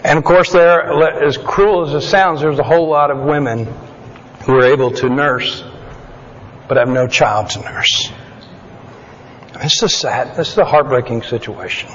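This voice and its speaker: A man's voice: a little high, unhurried, long pauses, fairly bright tone, a little hiss or hum. A man leading a Bible study in a chatty, conversational way, full of joking asides and digressions. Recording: dull lo-fi sound with long hall reverb.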